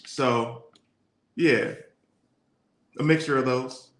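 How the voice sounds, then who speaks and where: An easygoing man from Detroit co-hosts a relaxed live-streamed show, wandering through his stories. His voice is bright and forward. The room adds a clear echo. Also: mid-range voice, very slow. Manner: easygoing, rambling storyteller. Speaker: podcast co-host. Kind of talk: casual live-stream chat. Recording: echoey room.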